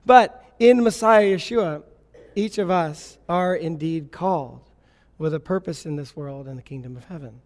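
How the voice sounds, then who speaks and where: Man, sermon, earnest teaching tone, fairly high voice, long hall reverb. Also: moderate pace, a little mellow. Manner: earnest teaching, quotes Moses and God in a lifted voice. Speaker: messianic Jewish congregational leader.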